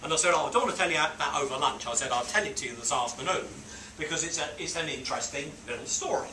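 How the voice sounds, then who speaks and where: A man with a slightly high voice tells a business story to a small group, acting out voices and sound effects with lively energy. He sounds some distance from the mic in a roomy, echoing space, with steady background noise. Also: fast. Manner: animated, acts out quotes and beeping sounds. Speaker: business mentor. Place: on a boat.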